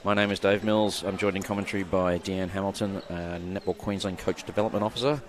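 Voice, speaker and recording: Male play-by-play caller, deep register, relaxed joking banter, noisy venue behind. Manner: chatty, jokey, quick to laugh. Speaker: play-by-play commentator. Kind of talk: live sports commentary. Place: outdoor netball court. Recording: noisy court ambience behind.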